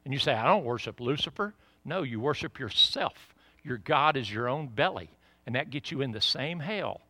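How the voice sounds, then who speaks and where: A middle-aged pastor with a Southern US accent preaches in church, building to loud, emphatic peaks before dropping into quiet, conversational asides. His mid-range voice has lively intonation and a moderate pace, and the recording is dry.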